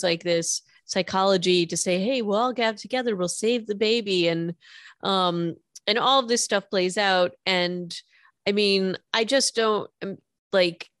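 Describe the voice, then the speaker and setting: A woman's voice: mid-range voice, a bit bright, no room sound, studio quality. A woman co-hosting a podcast, recapping a TV episode in a chatty, incredulous way with plenty of fillers. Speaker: podcast co-host. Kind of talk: casual chat recapping a TV episode.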